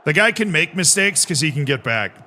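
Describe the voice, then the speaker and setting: A male streamer talks his chat through a football management match with quick, excitable reactions and jokes. His voice is bright and forceful and sits a little high for a man. His delivery is animated. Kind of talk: live gameplay commentary.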